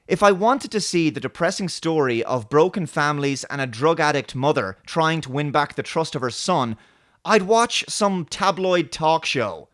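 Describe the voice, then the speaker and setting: A man hosting his own show, giving a sarcastic, animated review commentary. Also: a little high, unhurried. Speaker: host.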